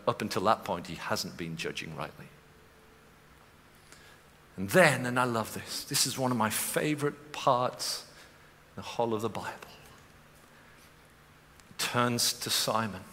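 A man preaching a sermon as pastor, moving from quiet storytelling to impassioned preaching in a church auditorium. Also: on the low side, lively intonation, unhurried, pauses often, slight background noise. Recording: long reverb of a large hall.

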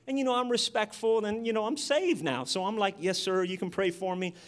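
A man preaching a sermon, telling a personal story with animated delivery and acted-out voices. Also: high voice, fairly quick. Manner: animated, acts out voices in his stories. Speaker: pastor.

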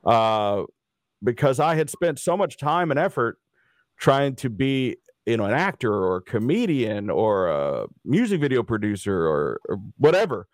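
A middle-aged man from Dallas telling stories in a casual interview, lively and acting out the people he quotes. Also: medium pitch, a little slow, dry recording, clean studio sound. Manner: animated anecdote teller, acts out quoted people. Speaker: interview guest.

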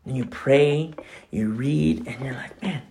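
A pastor giving a conversational sermon, animated and emphatic, at times dropping to a hushed near-whisper. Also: male voice, medium pitch, takes it slowly, gravelly.

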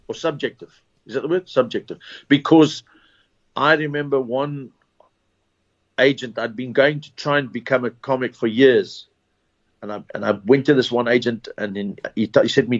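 Rambling South African comedian. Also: male voice, mid-range voice, normal speed. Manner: rambling anecdotes with false starts and laughs. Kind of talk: casual interview storytelling. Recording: dull lo-fi recording.

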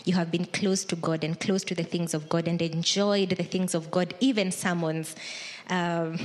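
A woman's voice: lowish voice, fairly even intonation, brisk. Woman pastor, conversational sermon delivery, acts out imagined inner voices.

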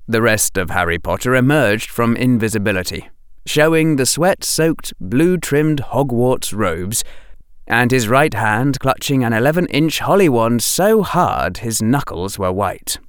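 A man reading fantasy fiction aloud as an audiobook narrator, in a dramatic, expressive way. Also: medium pitch, a little slow, smooth, dry recording, studio quality.

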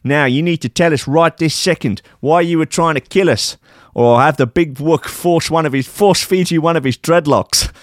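A man's voice: a little high, moderate pace, no echo, studio quality, pitched above the performer's own voice, natural voice. A man voicing a smug, menacing male DJ interrogating a captive, in a raised put-on voice. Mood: threatening.

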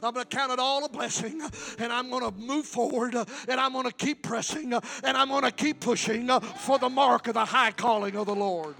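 A man preaching a Pentecostal sermon and altar call in a church. He repeats lines with rising fervor and moves between quiet stretches and loud exhortation. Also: very high voice, normal speed, creaky, hardly any pauses. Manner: fervent, repetitive exhortation, swings from quiet to loud. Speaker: guest preacher. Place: church sanctuary.

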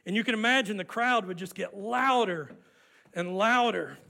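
A man's voice: high-pitched, moderate pace, vocal fry. A man preaching a sermon, walking his congregation through an old festival ritual and leading them in responses. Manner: animated, leads congregation in call-and-response. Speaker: pastor.

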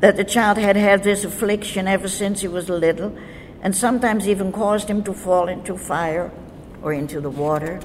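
A woman teaching from the Bible, reading verses in a measured, deliberate way. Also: medium pitch. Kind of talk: slow scripture teaching. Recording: faint noise with long reverb.

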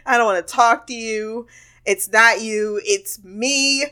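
A woman's voice: fairly high pitch, slow pace, pushed and bright, clean tone. A woman hosting a podcast, telling a rambling, candid story in a casual monologue with frequent laughter and swearing. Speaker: podcast host.

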